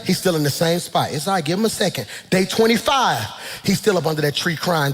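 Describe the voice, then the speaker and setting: A man preaching a sermon as pastor, fervent and shouting in rising calls. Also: sits high, lively intonation, brisk, long reverb tail.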